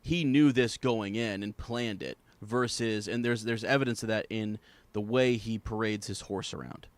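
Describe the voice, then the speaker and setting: A man co-hosting a podcast, talking through a book in a halting, casual way with many restarts. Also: lowish voice. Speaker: podcast co-host.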